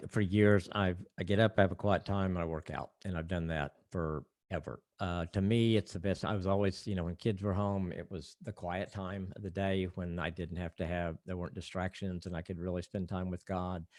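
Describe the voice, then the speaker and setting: A man's voice: sits low, no room sound. An older man, a marriage counselor, talking earnestly and reflectively in a casual podcast interview, often restarting his thoughts.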